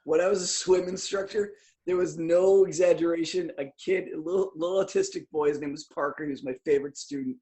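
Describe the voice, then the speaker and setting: A man's voice: on the high side, steady tone, fast talker, mellow, poor audio. A young adult man, a podcast co-host, telling a crude comic anecdote with laughter. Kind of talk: comedic storytelling.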